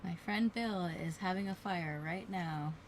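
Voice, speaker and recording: A woman from Canada co-hosting a casual livestream, giving relaxed, brief replies. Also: on the low side, unhurried, slight background noise. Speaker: livestream co-host.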